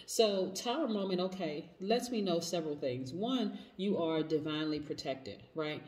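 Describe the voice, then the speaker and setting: A woman's voice: on the low side, animated, normal speed, a little mellow. A woman giving a spoken tarot reading, enthusiastic and repeating affirmations of yes. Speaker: tarot reader. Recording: echoey room, voice off-mic, faint noise.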